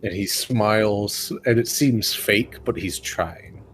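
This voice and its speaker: A man narrating as game master in a tabletop game, describing scenes slowly with fillers. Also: lowish voice, fairly bright tone, slight background noise.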